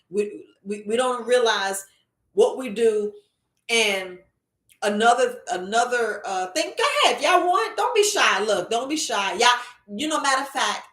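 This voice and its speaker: A woman's voice: on the high side, a bit bright. Woman preaching to viewers in a roomy echo. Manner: repetitive, preachy, addresses viewers as family. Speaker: herbalist hosting a live stream. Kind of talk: casual motivational live talk. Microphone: computer across the room.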